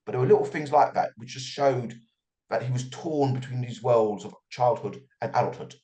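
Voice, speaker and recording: A man's voice: medium pitch, normal speed, warm tone. Reflective middle-aged man, restarting thoughts. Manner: reflective, repeats words when starting thoughts. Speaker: author guest. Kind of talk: relaxed interview answers.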